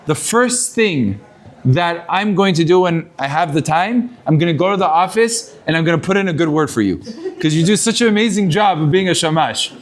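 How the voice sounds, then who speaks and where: A polite, apologetic young yeshiva newcomer, as a man telling the story puts him on. He rambles earnestly in a fairly high voice. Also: expressive, a little fast, close to an everyday voice.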